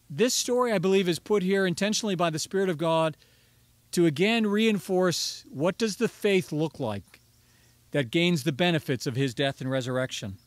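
A man's voice: high voice, dry recording. A man preaching a sermon as pastor, earnest and rising to emphatic pleading on key phrases.

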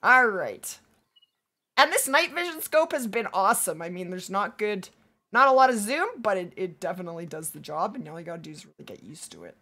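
While playing, a woman streamer chats upbeat with her viewers, reads chat aloud, and laughs readily, though a long week of streaming has left her voice hoarse. Her tone is bright and crisp, and her pitch swings widely, leaping high when she's excited and dropping low when she goes quiet to aim.

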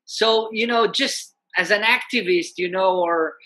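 A man, a musician and peace activist, telling a story as a guest in an animated, conversational way, often saying "you know". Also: high voice, measured pace.

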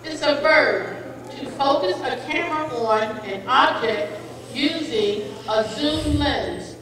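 A woman pronouncing spelling bee words slowly and clearly, with definitions and example sentences, encouraging each speller. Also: high voice, animated. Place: school gym or hall. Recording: echoey hall, far from the mic, faint crowd.

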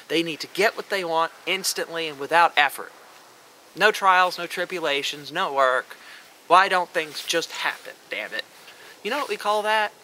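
A man's voice: on the high side, pushed and bright, a little hiss or hum, low-quality recording. A man vlogging a ranting commentary, sarcastic and profane, mocking what he criticizes.

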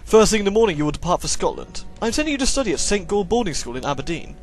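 A man's voice: high voice, very animated, racing, soft background music, voice pushed up. A man voicing a stern, aristocratic father who speaks formally and dismissively. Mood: cold.

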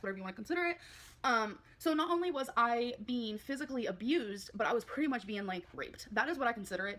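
Brief: woman vlogger, rapid rambling confessional talk, slightly high voice. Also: a bit bright. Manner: rambling, filler-heavy, halting. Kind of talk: confessional vlog.

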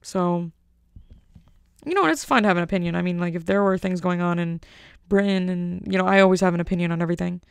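A woman's voice: fairly low pitch, fast talker, vocal fry, clear, resonant tone, no echo, studio quality. A woman from the United States hosting a casual solo podcast. She rambles through jokey tangents, with plenty of "like" and "you know.". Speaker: podcast host.

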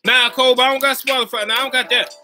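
A man talking casually to his viewers on a livestream, slangy and animated, and he keeps checking in with his audience. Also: very high voice, very fast. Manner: slangy, animated, keeps checking in with "you know what I mean". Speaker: YouTuber live-chatting with viewers.

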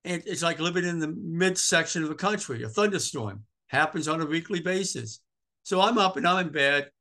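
Bright-voiced preacher man from Maine. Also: on the high side, moderate pace. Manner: animated preaching, swinging from loud emphatic calls to hushed tender passages; repeats phrases for emphasis. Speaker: pastor. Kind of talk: sermon.

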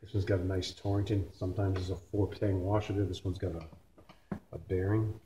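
Canadian man, deep voice, casual swearing shop talk, noisy garage. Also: little pitch movement, a little fast, highs cut off. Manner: blunt, joking, swears casually. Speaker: transmission rebuilder. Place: transmission repair shop.

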